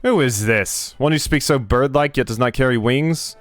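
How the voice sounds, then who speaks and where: A man's voice: mid-range voice, normal speed, dry recording, soft background music, lightly acted. A man voicing a proud, zealous male gull in a video game, in a pompous, formal way with broken phrasing. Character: proud zealous talking gull, a male sea bird guard.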